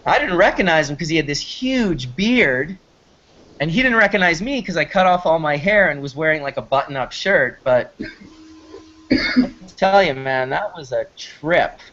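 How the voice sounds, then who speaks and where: On a casual talk show, a male host rambles enthusiastically through his stories, often restarting mid-thought. His voice is a little high, expressive and bright with a pushed quality, moving at normal speed. The recording sounds slightly muffled and lo-fi.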